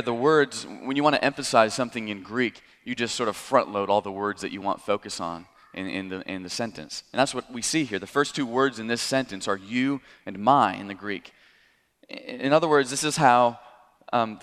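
Chatty preacher in a reverberant hall. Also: male voice, on the low side, a bit bright. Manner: conversational, explaining with light chuckles. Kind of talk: expository sermon.

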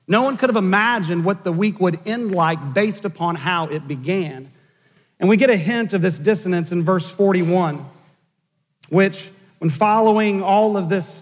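A man with a rather high voice preaches a sermon, moving from a wry anecdote into measured, emphatic points. His words ring out with a long reverb from the church sanctuary around him. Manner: storytelling with dry asides, measured emphatic delivery. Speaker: pastor.

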